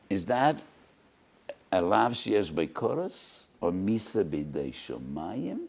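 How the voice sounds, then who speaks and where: A man's voice: deep voice, big pitch swings, unhurried, creaky, a little mellow, slightly rough. An older man, a rabbi, giving a Torah lecture with impassioned emphasis and repeated rhetorical questions.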